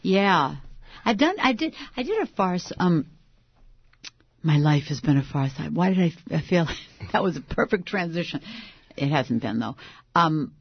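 Lively, laughing woman in her sixties. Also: sits low, a little slow, long pauses, breathy edge, no room sound, lo-fi sound. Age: 60s. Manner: lively, laughing, self-deprecating. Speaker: actress guest. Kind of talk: interview conversation.

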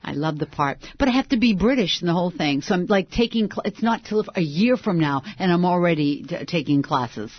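A woman in her sixties, an actress interviewed as a guest, talking in a lively, self-deprecating way with frequent laughs. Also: fairly low pitch, fairly quick, hardly any pauses, breathy edge, dry recording, dull audio. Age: 60s. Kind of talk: interview conversation.

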